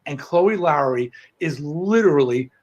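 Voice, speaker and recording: A middle-aged man chatting as a guest on a video call, telling lively stories with frequent restarts. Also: fairly high pitch, unhurried, lo-fi sound. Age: middle-aged or older. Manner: animated storyteller, frequent restarts. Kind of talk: casual chat.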